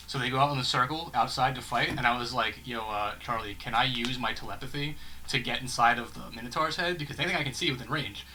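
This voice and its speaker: A man's voice: mid-range voice, fast talker, bright, forceful tone, a little hiss or hum, poor audio. A man co-hosting a casual gaming stream, telling stories in a rambling, profane way full of filler words. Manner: rambling, profane storytelling with many "like"s. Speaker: stream co-host.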